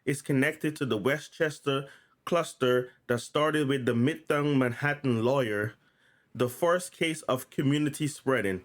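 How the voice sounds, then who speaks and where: A man hosting his own channel reads news notes aloud casually, frequently stuttering, repeating words, and starting over. His voice is medium in pitch and unhurried.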